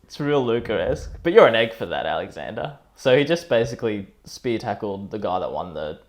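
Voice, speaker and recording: A man's voice: lowish voice, very animated, brisk. A man co-hosting a casual chat podcast, chatty and teasing, often laughing. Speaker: podcast co-host.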